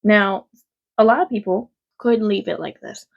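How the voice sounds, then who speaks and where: A woman's voice: mid-range voice, normal speed, vocal fry, dull audio. A woman chatting casually through a makeup tutorial at home, rambling and frank, with some swearing. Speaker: makeup vlogger. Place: quiet home.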